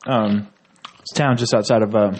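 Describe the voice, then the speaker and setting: A man's voice: fairly low pitch, steady tone, normal speed, slight background noise. A young man from Tennessee, co-hosting a podcast and telling rambling, profane stories between laughs. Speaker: podcast co-host. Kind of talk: casual comedic chat.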